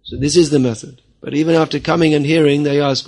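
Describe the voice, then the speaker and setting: A man's voice: fairly high pitch, level tone, brisk, few pauses, a little mellow. Man giving a firm spiritual lecture. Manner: firm, scolding, quotes others in mock voices. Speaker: spiritual teacher. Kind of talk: religious lecture.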